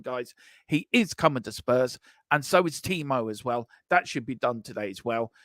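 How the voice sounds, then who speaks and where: A man's voice: mid-range voice, a bit bright, no room sound, clean studio sound. A man hosting a football transfer news live stream, chatting casually, boasting and reading out viewer messages. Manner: boisterous, boastful, reads out chat messages.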